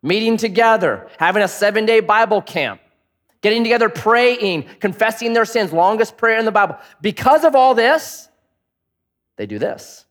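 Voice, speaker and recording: A middle-aged male pastor delivering a sermon with a high, lively voice. He preaches in a joking, animated way, swooping up and down in pitch. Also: normal speed.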